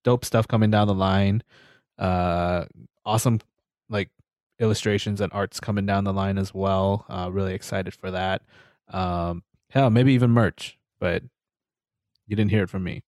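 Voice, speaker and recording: A man with a fairly low voice co-hosts a podcast in relaxed, easygoing chat. He fills his sentences with "um" and "you know" and swears casually. The sound is dry and close. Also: a little slow, no echo. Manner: relaxed, filler-heavy, leans on "you know" and "um"; laughs easily, swears casually. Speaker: podcast co-host.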